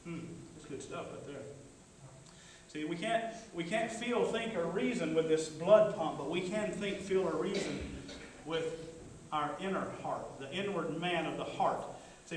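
High-voiced preacher in an echoey church. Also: male voice, far from the mic, a little hiss or hum. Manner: conversational preaching with call-and-response asides. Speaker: pastor. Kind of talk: sermon. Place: church sanctuary. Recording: echoey church hall, mic from afar.

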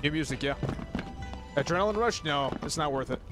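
A man's voice: a little high, expressive, fairly quick. A man streaming a game, chatting casually, ranting and swearing at chat. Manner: swears and rants, talks to chat. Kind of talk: casual gaming commentary. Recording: game music loud behind.

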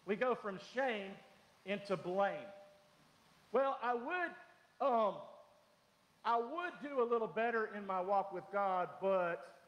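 Animated male pastor preaching in an echoey hall. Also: high-pitched, slow, long pauses, lo-fi sound. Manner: animated, humorous, acts out quoted voices. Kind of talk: sermon. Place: church sanctuary.

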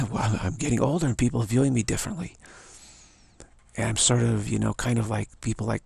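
A man's voice: mid-range voice, fairly even intonation, brisk, gravelly, a little mellow, slightly rough, dry recording. An older man musing to camera in a rambling monologue, stammering, repeating himself and asking "isn't it?". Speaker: vlogger.

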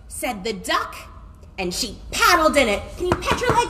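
A woman's voice: high-pitched, big pitch swings, takes it slowly, pauses often, noisy background. Sing-song woman leading a kids' class. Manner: sing-song, gasping, playful and exaggerated. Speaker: children's class teacher. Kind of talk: storytime and movement class for small children.

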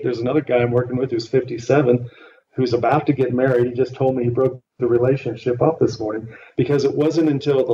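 A man's voice: mid-range voice, warm tone. A man working as a relationship coach, talking earnestly and emphatically in a podcast interview. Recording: distant, muffled line with faint noise.

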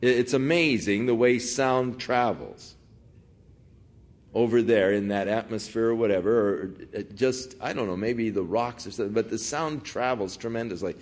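A man's voice: lowish voice, normal speed. A man preaching an expository sermon in a conversational, folksy way. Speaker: pastor.

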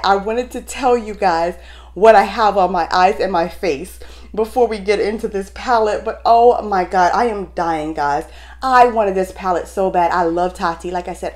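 A woman beauty vlogger talking straight to her viewers in a casual unboxing vlog, gushing and excitable. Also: mid-range voice.

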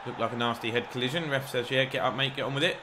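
A young man giving excitable, rambling live commentary over a football video game, shouting encouragement at the players and joking at himself. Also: medium pitch, rapid-fire, noisy background. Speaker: gaming YouTuber.

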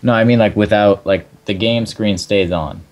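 A man's voice: lowish voice, moderate pace. A young man, hosting a let's play in casual, joking chat, swearing and laughing often. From Canada. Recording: dull lo-fi mic.

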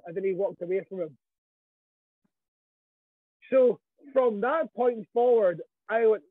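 A Scottish man with a high, husky voice tells stories in a lively, sweary way. He comes through a thin, phone-like line with a very dry sound. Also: a little slow, pauses often, no echo. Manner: animated, swears freely, quotes others. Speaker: wrestling guest. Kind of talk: casual storytelling interview.

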